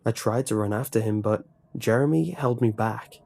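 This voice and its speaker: A man narrating a scripted horror story in a tense, measured way. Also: lowish voice, creaky, a little mellow.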